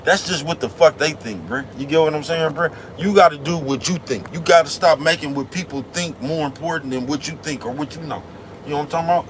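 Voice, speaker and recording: Talking fast in a slightly high voice, a trucker preaches and rambles casually to his viewers, full of slang. He's in the cab of his big rig as it rolls down the road, with traffic faintly audible behind him.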